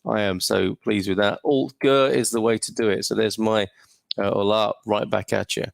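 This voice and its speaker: Gravelly-voiced British man hosting a livestream. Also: fairly low pitch, steady tone, moderate pace, no echo. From United Kingdom. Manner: chatty, hesitant with many ums, greets viewers warmly. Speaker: livestream host. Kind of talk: casual livestream chat reading viewer comments. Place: home studio.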